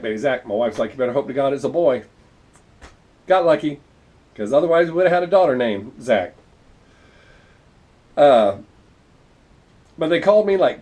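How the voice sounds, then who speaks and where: A man's voice: medium pitch, darkish tone. A middle-aged man telling wry, profane stories about raising his children in a casual vlog monologue. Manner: wry, profane, self-deprecating storyteller. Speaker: vlogger.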